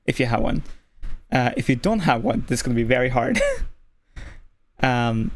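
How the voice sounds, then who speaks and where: A relaxed streamer with a male-sounding voice of ordinary, middling pitch chats casually into a desk microphone. Originally from Norway, the speaker talks easily and loosely, leaning on "like" and "you know" while explaining things step by step. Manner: relaxed, deliberately easy on the voice, lots of "like" fillers. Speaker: streamer giving voice tips.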